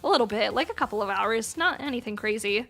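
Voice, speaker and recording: A woman's voice: fairly high pitch, lively intonation, fast, vocal fry, a bit bright, faint music behind. A woman in her thirties chatting casually on a livestream, playful, laughing often and swearing freely. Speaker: streamer.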